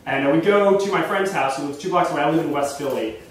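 A young man telling a funny story live on a theater stage, chatty and animated. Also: on the high side, fast, slight background noise. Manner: animated, chatty, full of fillers and restarts. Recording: echoey live stage recording from far off.

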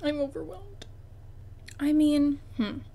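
A woman's voice: high voice, takes it slowly, creaky, warm tone. A young woman chatting casually while playing a life-sim game, bubbly and exclaiming, often talking straight to the objects on screen. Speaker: gaming YouTuber. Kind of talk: casual gameplay commentary.

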